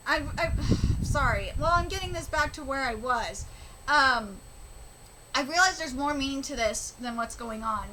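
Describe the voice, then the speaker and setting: A woman's voice: sits high, background noise. A woman hosting a casual live manga reaction, emotional and rambling, often swearing.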